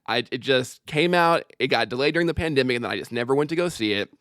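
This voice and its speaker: A man's voice: mid-range voice, lively intonation, a bit bright, dry recording, studio quality. A man in his thirties, a stand-up comedian guesting on a podcast over a remote call, joking and swearing casually. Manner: jokey, sweary, quick asides. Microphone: remote call microphone.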